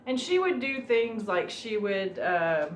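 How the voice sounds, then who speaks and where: A woman's voice: mid-range voice, sing-song, slow. A woman vlogger telling a personal story in casual chat, rambling with many fillers like "um" and "you know". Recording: roomy room with faint music.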